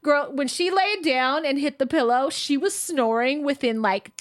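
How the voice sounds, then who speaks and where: A woman's voice: sits high, moderate pace. Profane, laughing woman podcast co-host. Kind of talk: casual chat.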